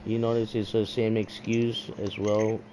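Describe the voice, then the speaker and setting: A man's voice: fairly low pitch, flat delivery, measured pace, background noise. A man in casual chat with friends, laid-back and agreeing. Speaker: gamer.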